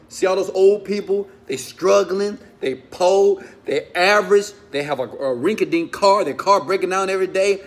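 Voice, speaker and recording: A man's voice: high-pitched, animated, normal speed, hardly any pauses. Emotional man telling his story. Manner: emotional, swings from loud urging to hushed confession; talks straight to listeners with questions. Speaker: motivational speaker. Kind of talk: personal storytelling talk.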